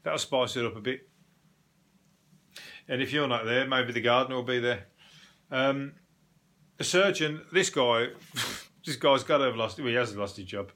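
Bright-voiced sweary man. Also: mid-range voice, normal speed, pauses often. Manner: blunt, sweary, rambling with restarts and laughs. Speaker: podcast host. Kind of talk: casual comedic monologue.

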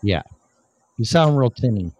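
A man's voice: medium pitch, lively intonation, measured pace, a little mellow, lo-fi sound, slight background noise. A man hosting a casual podcast, talking in a rambling, profane way while fiddling with his audio gear. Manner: profane, rambling, distracted by equipment. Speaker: podcast host. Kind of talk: casual chat.

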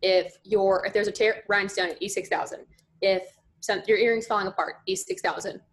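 A young woman talking casually, her voice sitting at an ordinary middle pitch. She chats freely and tells her stories with energy, sprinkling in plenty of "like.". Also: fairly quick. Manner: chatty, lots of "like" fillers, animated storytelling. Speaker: podcast guest. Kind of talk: casual chat.

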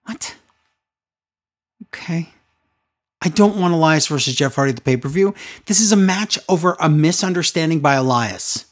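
A man's voice: fairly high pitch, expressive, normal speed, pauses often. A man co-hosting a casual podcast chat, ranting with sarcastic exasperation. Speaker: podcast co-host recapping wrestling.

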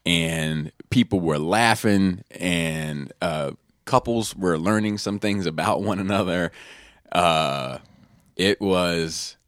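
Deep voiced guy rambling thru a party story on his podcast, lots of likes and ums, dry close mic. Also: slow pace, fairly bright tone, dry recording. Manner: rambling storyteller, swears freely, many fillers. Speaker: podcast host. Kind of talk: casual podcast chat.

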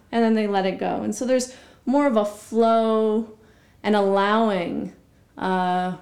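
A woman chatting casually as a podcast guest, reflective and quick to laugh. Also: mid-range voice, darkish tone. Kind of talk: casual chat.

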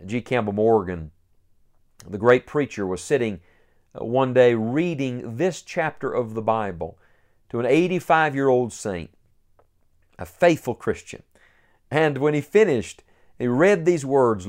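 A man's voice: mid-range voice, lively intonation, a little slow, a little mellow. A man preaching a sermon, earnest and building to emphatic peaks.

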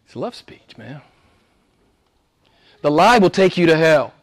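A male preacher with a high voice delivers a sermon. He hammers his points with repeated phrases. He swings from low, quiet stretches to raised, forceful passages. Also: big pitch swings, slow pace.

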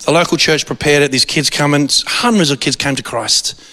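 A man preaching a sermon, telling a story in an animated way with frequent restarts. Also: on the high side, a little fast. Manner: animated, restarts often, acts out quoted voices. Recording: long hall reverb.

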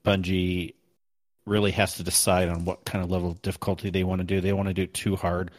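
A man's voice: low-pitched, flat delivery, quick pace, no echo. A man co-hosting a casual gaming podcast, rambling and correcting himself as he recalls story missions. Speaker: podcast co-host.

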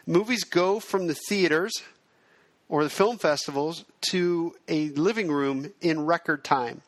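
A male podcast host who explains in an even, self-described monotone delivery. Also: a little high, unhurried, dry recording. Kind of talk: podcast monologue.

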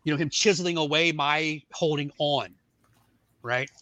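A man's voice: fairly high pitch, normal speed, bright, forceful tone, no room sound. A man, an Army veteran and podcast guest, telling his testimony in a casual, rambling way, full of "like" and "you know".

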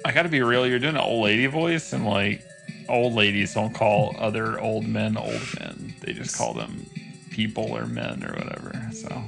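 A man's voice: lowish voice, big pitch swings, moderate pace, creaky, music in the background. A man casually and sarcastically commenting while playing a video game with a friend. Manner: dry, sarcastic, crude jokes. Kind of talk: casual let's-play banter.

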